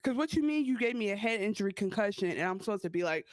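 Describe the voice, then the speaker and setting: A woman's voice: medium pitch, animated, fast, no echo. A woman co-hosting a podcast reacts bluntly and jokingly to what happens in the episode. Her mid-range voice is recorded dry and close. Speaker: podcast co-host. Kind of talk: casual recap chat.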